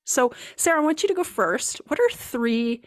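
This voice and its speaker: A woman co-hosting a podcast in casual chat, animated and chatty with plenty of filler words. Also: high voice, normal speed, no room sound, clean studio sound. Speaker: podcast co-host.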